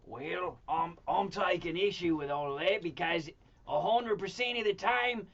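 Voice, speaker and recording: A man's voice: sits high, a little slow, fairly bright tone, full character voice. A man putting on a crude, blokey Australian movie star with a slightly raised voice, stumbling over his words. The sound is dull and muffled. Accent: put-on Australian. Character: crass Australian male movie star, middle-aged.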